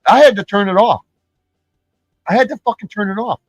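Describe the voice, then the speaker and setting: A man's voice: sits high, brisk, no echo, lo-fi sound, soft background music. A man ranting on his live stream, profane and rambling, who often restarts his words.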